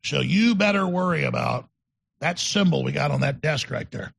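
A man hosts a talk show in an emphatic, rambling monologue. His voice sits high and rough with heavy gravel, and it has a husky edge. He often stumbles back over his own words. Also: expressive, normal speed, fairly bright tone. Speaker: show host.

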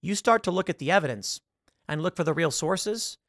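A man's voice: fairly high pitch, animated, fairly quick, fairly bright tone, dry recording, clean studio sound. A man hosting a political commentary show, talking casually to his audience with rhetorical questions and stories. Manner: conversational, rhetorical, storytelling.

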